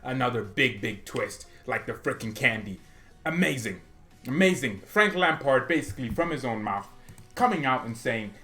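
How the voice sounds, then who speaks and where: Animated joking male football fan. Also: mid-range voice, moderate pace, faint music behind. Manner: animated, joking, mocking rivals. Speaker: fan channel host. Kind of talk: casual opinion vlog.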